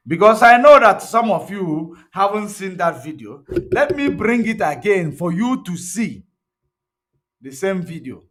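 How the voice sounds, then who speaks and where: A man's voice: sits high, big pitch swings, a little slow, a bit bright. A man giving emphatic, repetitive livestream commentary. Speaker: online commentator.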